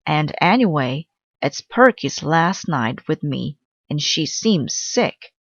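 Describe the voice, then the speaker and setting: Earnest young boy for a storybook read-aloud, read by a woman; slow, lowish, dry and slightly dull. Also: expressive, no echo, full character voice.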